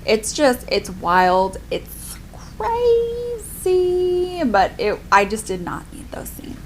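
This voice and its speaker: A young adult woman talks casually in a book review vlog, her medium-pitched voice moving at a measured pace with a little hiss or hum behind it. She's chatty and keeps dropping "like" as filler.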